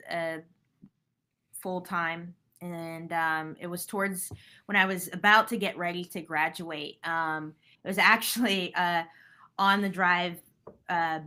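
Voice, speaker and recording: A woman in youth ministry chatting casually, unhurried, with frequent affirming laughs. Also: fairly low pitch, sharp tone, clear, resonant tone. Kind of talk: casual conversation.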